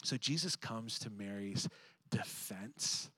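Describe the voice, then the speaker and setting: A man preaching a sermon, moving between animated emphasis and hushed, reflective passages. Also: a little high, normal speed, no room sound. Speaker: pastor.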